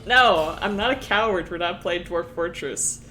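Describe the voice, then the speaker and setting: A woman's voice: fairly low pitch, unhurried, pushed and bright, soft background music. A woman streaming casually, rambling about her worldbuilding with frequent laughter and swearing.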